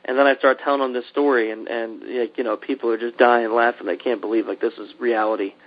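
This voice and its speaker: A man hosting a podcast, telling a long travel mishap story in a casual, animated way and acting out the people in it. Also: medium pitch, fast talker. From Pennsylvania. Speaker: podcast host. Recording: dull lo-fi podcast audio.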